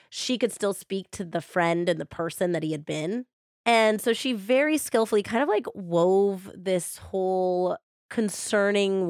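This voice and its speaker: Lowish-voiced woman telling true crime. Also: no echo, clean studio sound. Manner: animated, paraphrases quotes in quick bursts. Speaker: podcast host. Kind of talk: casual true-crime storytelling.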